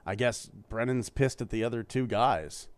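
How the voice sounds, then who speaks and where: A man's voice: mid-range voice, moderate pace, no echo. Profane rambling podcast man, dry sound. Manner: rambling, profane, tells crude jokes. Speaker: podcast co-host. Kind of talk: casual podcast chat.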